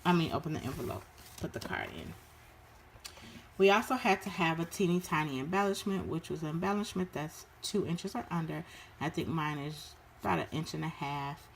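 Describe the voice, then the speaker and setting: Low-voiced woman, casual show-and-tell of crafts, unhurried with lots of ums, faint hiss behind. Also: animated, vocal fry. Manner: unhurried, with frequent ums and uhs. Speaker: crafter showing her work.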